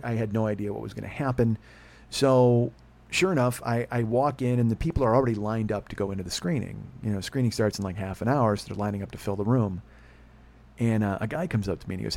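A man's voice: medium pitch, darkish tone. A man hosting a podcast, telling a rambling, profane, self-deprecating story in casual chat. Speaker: podcast host.

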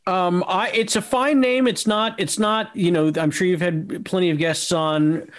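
A man in his forties chats as a guest on a podcast. He tells his stories in an easygoing way and laughs often. His voice is a touch high for a man. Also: steady tone, measured pace. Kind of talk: casual chat.

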